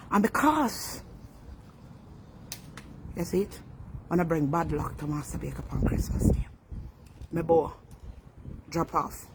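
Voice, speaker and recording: A woman with a Jamaican accent, a home baker giving an animated casual holiday message to her customers. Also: low-pitched, slight background noise. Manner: animated, calls herself by her business name in the third person. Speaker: home baker selling cakes.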